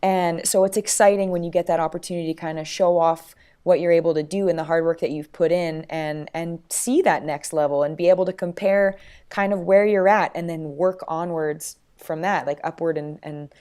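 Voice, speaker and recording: A woman's voice: fairly low pitch, steady tone, moderate pace, dark tone, clean tone. A woman co-hosting a podcast in casual chat, chatty, with many fillers and restarts. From Canada. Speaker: podcast co-host.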